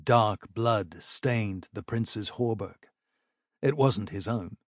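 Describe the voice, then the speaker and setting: A man narrating a fantasy battle audiobook in a measured, even storytelling manner. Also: fairly low pitch, no echo, studio quality.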